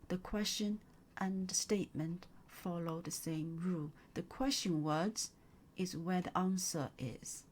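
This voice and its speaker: A woman teaching a beginners' lesson, speaking slowly and patiently and repeating each phrase for the learner. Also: lowish voice. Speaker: Chinese tutor. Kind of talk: slow, clear language lesson.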